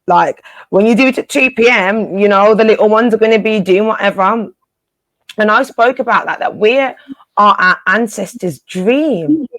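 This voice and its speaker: A woman's voice: medium pitch, moderate pace, fairly bright tone, no room sound. A woman co-hosting a casual spiritual live chat, encouraging her listeners and often repeating phrases for emphasis in informal, slangy speech.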